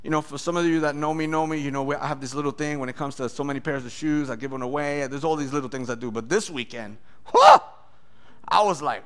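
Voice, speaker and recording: Male pastor, animated preacher, slightly high voice, loud bursts when acting out voices. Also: a little fast. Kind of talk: sermon with testimony.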